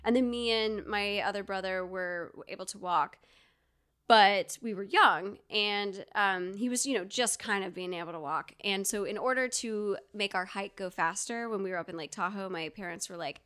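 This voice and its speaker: Her voice sits at medium pitch, moderately paced, a bit bright and clean. She's a Georgia woman co-hosting a podcast, chatting casually and spinning stories loaded with fillers and asides.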